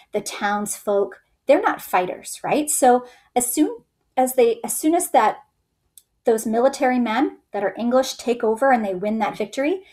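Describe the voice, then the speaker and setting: Chatty woman telling history like a story. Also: fairly high pitch. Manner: chatty, acts out quoted soldiers in raised voices. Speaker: history teacher. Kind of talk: casual storytelling lecture.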